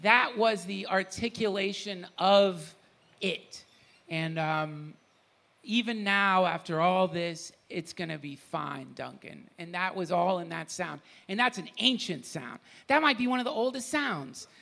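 A man telling an emotional personal story on stage at a retreat, animated, laughing, his voice sometimes breaking. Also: high-pitched, unhurried, creaky. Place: retreat gathering with an audience.

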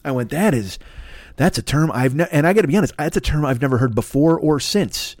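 A man's voice: fairly high pitch, lively intonation, a little fast, darkish tone, no echo. An older man hosting a solo podcast, rambling through crude, self-mocking riffs into a desk mic plugged into a laptop. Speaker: podcast host. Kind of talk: profane solo podcast monologue.

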